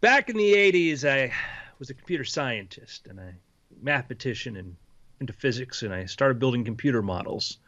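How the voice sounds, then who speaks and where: Man voicing a quiet, rambling millionaire with a taste for morbid hypotheticals, muffled dry audio. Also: mid-range voice, no echo. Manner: calm, offhand, rambling. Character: secretive, eccentric rich man with dark hypotheticals.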